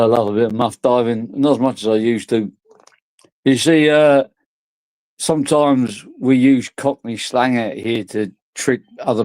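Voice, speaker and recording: Drunk bloke rambling on, crude and giggly, dry close sound. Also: male voice, mid-range voice, warm tone, no room sound. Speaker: vlogger. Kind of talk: rambling casual chat.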